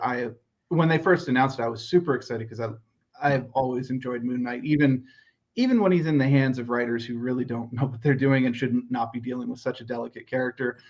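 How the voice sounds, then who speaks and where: Man, podcast co-host, gravelly voice, measured and dry, muffled lo-fi mic. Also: mid-range voice. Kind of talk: casual chat.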